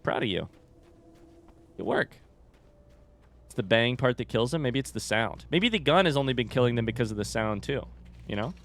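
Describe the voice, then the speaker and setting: A man's voice: mid-range voice, expressive, normal speed, long pauses, fairly bright tone. Chatty young man streaming a game. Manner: chatty, swears, reads chat aloud. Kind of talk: casual let's-play commentary.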